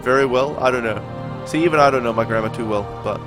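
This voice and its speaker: A man's voice: medium pitch, fast talker. A young man from New Zealand with a New Zealand accent, chatting casually with his stream chat while playing a game. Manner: relaxed, rambling, laughs often. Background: game music.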